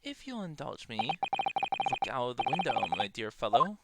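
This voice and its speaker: An eccentric gentleman detective, read aloud by a woman, who speaks in lofty, formal, unhurried phrases. His lines swing animatedly up and down. Loud game music plays behind him. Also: extremely low pitch, big pitch swings, gravelly, very noisy, pitched below the performer's own voice, exaggerated voice. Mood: grave.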